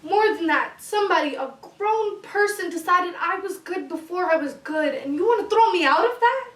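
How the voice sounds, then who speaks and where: Brief: young actress as a defiant young male student, very high, echoey room, distant mic. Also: lively intonation, fairly bright tone. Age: young adult. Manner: indignant, rapid, challenging questions. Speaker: actor. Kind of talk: stage monologue.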